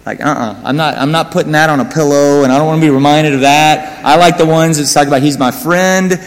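An American pastor from the United States preaches a sermon in a church hall, his voice a little high and steady in tone, moving at a quick pace. He's conversational and pokes fun at himself, tossing asides to the congregation. The recording carries a long hall reverb.

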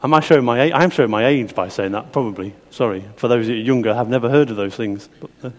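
Preacher in a reverberant hall. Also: male voice, medium pitch, fast. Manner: conversational, asks the congregation questions. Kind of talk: sermon.

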